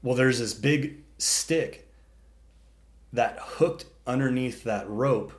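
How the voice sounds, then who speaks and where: A man with an ordinary mid-pitched voice spins a long, animated yarn. He swears freely and slips into voices for the animals he describes. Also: slow pace. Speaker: storyteller. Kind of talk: casual podcast chat.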